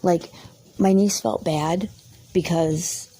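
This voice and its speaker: Woman, low mellow voice, indignant rambling rant, heavy swearing, storytime vlog. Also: fairly even intonation, slow pace, husky. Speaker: vlogger. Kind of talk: angry storytime rant to camera.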